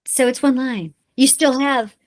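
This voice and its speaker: Middle-aged woman, voice actor guest; animated, laughing storyteller in casual interview. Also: sits high, unhurried. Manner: lively storyteller who acts out dialogue and laughs often.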